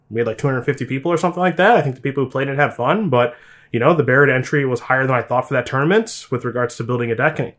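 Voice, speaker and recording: Fast-talking, candid male podcast host. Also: mid-range voice, a bit bright. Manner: candid, profane, rambling with many restarts. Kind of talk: casual chat.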